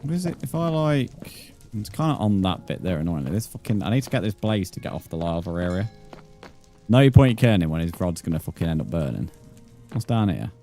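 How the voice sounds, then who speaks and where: A man's voice: sits low, big pitch swings, fairly quick, warm tone, soft background music. A man in his twenties, streaming a game live and chatting casually with viewers, swearing often. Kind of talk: casual live gameplay commentary.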